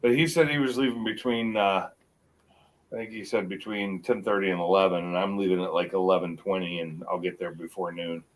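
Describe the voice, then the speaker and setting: A middle-aged man with a mixed American accent, chatting casually as a guest on a livestream and rambling with halting restarts. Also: sits low, fairly even intonation, rough recording. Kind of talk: casual chat.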